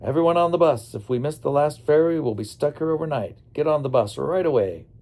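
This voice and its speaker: A man's voice: fairly low pitch, moderate pace, dark tone, lightly acted. A man voicing a stern woman tour leader. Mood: firm. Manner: firm, urgent commands. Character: stern woman in charge of a youth bus tour.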